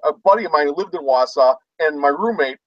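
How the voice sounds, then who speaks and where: Lively, high-voiced man telling a story. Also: a little fast, dry recording, far from the mic, highs cut off. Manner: animated storyteller, acts out shouts. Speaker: host. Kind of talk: casual chat.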